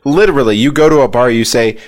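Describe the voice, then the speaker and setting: A man's voice: mid-range voice, fast talker. A man co-hosting a casual podcast chat over drinks, tipsy and giggly as he bantered. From Pennsylvania. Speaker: podcast co-host.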